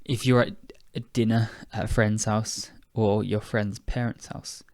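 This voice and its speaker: A tired-sounding young British man, a podcast host and English teacher from the United Kingdom, runs an English-learning show in a casual, chatty way, correcting himself and laughing at his own slips. His voice sits on the low side with little pitch movement, a slightly slow pace and a somewhat mellow quality. The recording is clean studio sound with no room sound.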